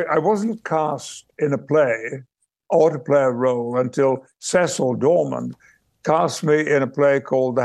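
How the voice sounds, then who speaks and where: An older man from Yorkshire speaking in received pronunciation, telling stories in a measured, thoughtful way as a guest, pausing to search for words. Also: medium pitch, creaky, a little mellow, no room sound. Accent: British received pronunciation. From Yorkshire, England. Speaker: guest, actor and memoir author. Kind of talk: reflective interview storytelling.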